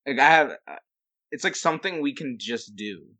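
A man's voice: medium pitch, expressive, moderate pace, bright, forceful tone. A man hosting a podcast in casual chat, joking and teasing his co-hosts. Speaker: podcast host.

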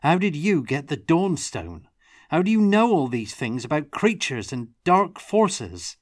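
A distraught young man, his voice pitched up and pushed loud as he pleads and demands answers, read out by a man narrating. He sounds earnest and restless, questions tumbling out. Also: very animated, unhurried, dry recording, clean studio sound. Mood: questioning. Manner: pleading, raised voice. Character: young man, eager and upset.

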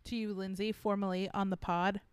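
A woman's voice: medium pitch, level tone, a little fast, slight background noise. A young woman co-hosting a podcast, chatting casually and giggling, often slipping into a playful sing-song voice. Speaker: podcast co-host. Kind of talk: casual chat.

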